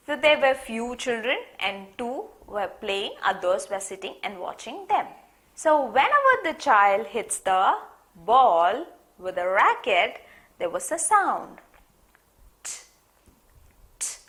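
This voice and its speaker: A bright, clear-toned young woman teaches phonics at an unhurried pace. Her pitch swings widely as she tells the story and demonstrates each sound.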